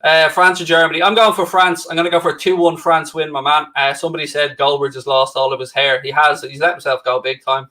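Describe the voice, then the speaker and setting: A middle-aged Irishman co-hosting a football watchalong rattles through casual live-stream chat fast, hardly pausing, in a flat delivery. His voice is on the high side, pushed and bright, and he teases viewers sarcastically as he bants with chat.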